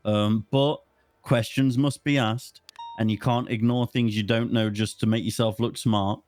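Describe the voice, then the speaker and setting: A man's voice: lowish voice, fairly even intonation, a little mellow, faint music behind. A man chatting casually and teasing others on a game stream. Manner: joking, teasing, quick interruptions. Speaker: streamer playing a roleplay sheriff.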